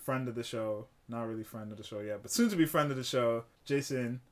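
Young male podcast co-host, easygoing chat, lively when retelling stories. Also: medium pitch, fairly quick. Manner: animated storytelling, quotes people in raised voice. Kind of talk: casual chat.

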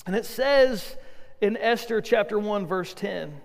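A male pastor preaching in a loose, conversational way, tossing in jokes and stumbling over repeated words. His voice sits high and has a gravelly edge. It rings with the long reverb of a big hall. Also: lively intonation, unhurried. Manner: conversational, joking asides, repeats words when restarting. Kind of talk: sermon.

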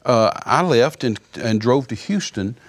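A man telling a personal testimony in conversation, animated, with frequent repeated words. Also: medium pitch, measured pace.

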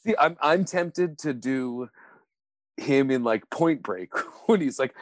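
A man's voice: mid-range voice, animated, slow pace, dry recording. A man co-hosting a podcast in casual chat, laughing often, swearing and slipping into playful impressions. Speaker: podcast co-host.

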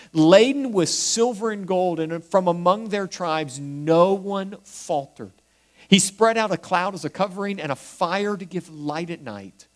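A man preaching a sermon, moving between emphatic, rising lines and quiet, hushed repeated refrains. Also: on the high side. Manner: swings from emphatic to hushed, soft quoted refrains. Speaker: pastor.

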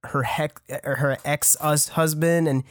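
A man's voice: on the high side, fairly even intonation, slow, dry recording, clean studio sound. A young man in his early twenties with a French accent, telling a story casually with lots of swearing and restarts. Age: young adult. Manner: rambling, swearing, laughing, restarts. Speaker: storyteller guest.

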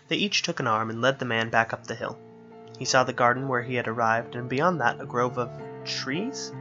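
A man narrating a scripted fantasy story in a steady storytelling manner. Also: medium pitch, moderate pace, muffled recording, faint music behind.

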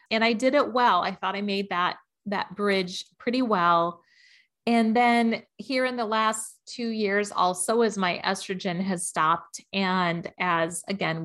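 A woman's voice: mid-range voice, a bit bright. Candid woman in her early fifties. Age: 50s. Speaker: podcast co-host. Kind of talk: casual podcast chat.

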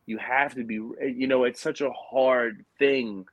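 A man's voice: mid-range voice, fairly even intonation, a little slow, no echo, dull audio. A young adult man telling a personal story in casual conversation, earnest and rambling with many restarts.

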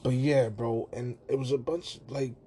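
A man's voice: mid-range voice, measured pace, slight background noise. Profane man ranting about a movie. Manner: profane, animated retelling with put-on quoted voices. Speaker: podcast host. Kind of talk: casual movie rant.

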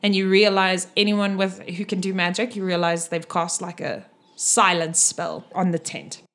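A woman's voice: on the low side, steady tone, moderate pace, fairly bright tone. Brief: woman game master, casual narration, descriptive.

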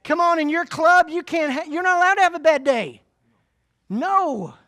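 A middle-aged man from Florida with a Southern US accent gives a humorous motivational speech to a live audience, telling folksy, animated stories. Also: extremely high pitch, normal speed. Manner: folksy, animated storytelling with jokes. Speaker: keynote speaker. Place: conference room before a live audience.

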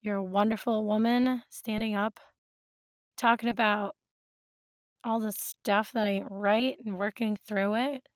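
A woman's voice: mid-range voice, fairly even intonation, unhurried, no room sound, studio quality. A woman hosting a podcast interview, speaking in an affirming, encouraging way. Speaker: podcast host.

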